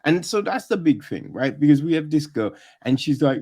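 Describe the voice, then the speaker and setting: A man hosting a podcast, reviewing a film in casual chat, animated and profane, always asking "right?" and mimicking characters. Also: a little high, normal speed, creaky. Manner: peppers talk with "right?" and "you know what I mean?". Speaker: podcast host.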